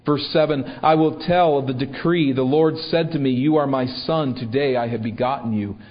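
A man's voice: medium pitch, moderate pace, long reverb tail, muffled recording. A man preaching a sermon, reading scripture and asking the congregation rhetorical questions. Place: church.

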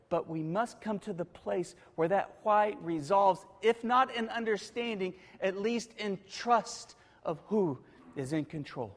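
A man preaching a sermon, moving between hushed, quiet passages and emphatic, rising declarations. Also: sits high, lively intonation, measured pace. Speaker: pastor. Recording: long reverb of a large hall.

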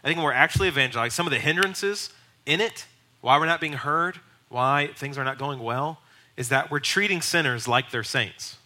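A man's voice: a little high, fairly quick, bright, forceful tone. A young man, a pastor, giving a casual, conversational teaching on evangelism and acting out quoted voices. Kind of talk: sermon teaching.

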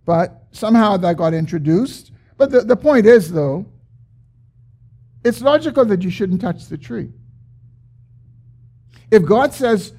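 A man preaching a sermon, explaining a scripture passage with emphatic, drawn-out stresses. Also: high voice, expressive, a little mellow. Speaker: pastor.

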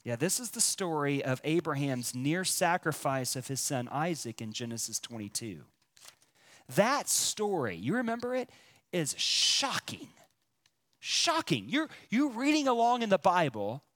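A man preaching a sermon, speaking to his listeners directly and leaning on emphatic pauses. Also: on the high side, big pitch swings, a bit bright. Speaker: pastor.

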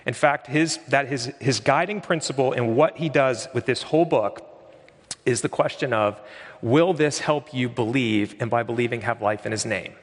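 A man's voice: mid-range voice, moderate pace, in a large hall. A man preaching a sermon as pastor, conversational and emphatic, in a church sanctuary.

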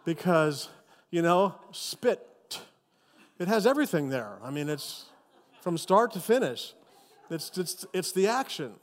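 Animated preacher man in a reverberant church. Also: fairly high pitch, normal speed. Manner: animated, emphatic storytelling. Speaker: pastor. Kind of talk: sermon.

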